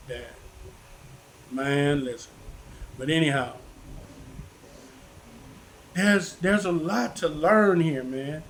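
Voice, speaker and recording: A man's voice: a little high, a little hiss or hum, rough recording. Folksy, preachy older man. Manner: folksy, preachy, repeats himself for emphasis. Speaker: vlogger. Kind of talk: casual preachy monologue to viewers.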